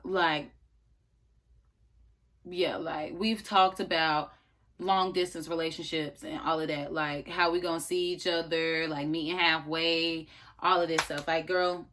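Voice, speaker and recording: A young woman vlogger telling a story in a casual, animated, slangy way, speaking straight to her viewers. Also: deep voice, unhurried.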